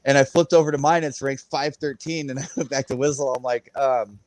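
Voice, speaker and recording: A man tells a story in a loose, rambling way, laughing often and acting out what people said. His voice sits at a middle pitch. The sound is dry and close, with little room. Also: steady tone, fairly quick, no room sound. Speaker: guest on a crypto livestream. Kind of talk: casual storytelling chat.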